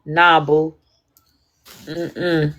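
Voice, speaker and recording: A young woman talking candidly and casually to her stream audience, animated and slangy, swinging between loud bursts and quiet asides. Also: low-pitched, very slow. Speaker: livestream host. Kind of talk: casual chat.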